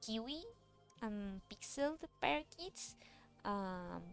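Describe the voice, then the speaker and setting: A woman's voice: on the high side, expressive, takes it slowly, vocal fry, soft background music. A woman chatting casually while she draws, rambling with many fillers and restarts. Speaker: VTuber artist streaming a drawing session. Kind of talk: casual chat while drawing.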